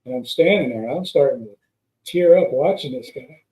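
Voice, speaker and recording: A man's voice: mid-range voice, lively intonation, brisk, dark tone. A man, a guest pilot, telling long rambling anecdotes in a casual chat, with many restarts. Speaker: guest, former stunt pilot. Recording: roomy echo.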